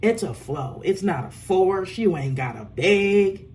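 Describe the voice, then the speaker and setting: A woman giving a casual, profane tarot reading, swinging between loud outbursts and low muttering. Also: expressive, slow. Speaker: tarot reader.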